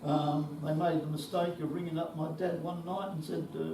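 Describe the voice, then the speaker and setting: A man's voice: on the high side, little pitch movement, moderate pace, vocal fry, background noise. A man in his seventies with an Australian accent, telling anecdotes at a conference with salty swearing and chuckles. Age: 70s. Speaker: conference speaker. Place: conference hall. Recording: echoey hall, distant mic.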